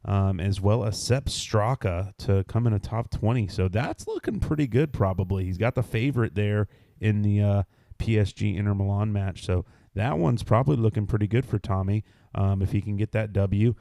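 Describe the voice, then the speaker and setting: Low, mellow-voiced man rattling off odds. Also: creaky, dry recording, studio quality. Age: 30s. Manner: rattles off bets and odds quickly. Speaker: podcast co-host. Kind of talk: casual sports betting chat.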